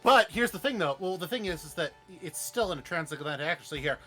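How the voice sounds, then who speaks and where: A man playing a tabletop role-playing game, animated and laughing, sometimes stumbling over his words. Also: a little high, quick pace, faint music behind. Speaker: player. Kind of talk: tabletop role-play chat.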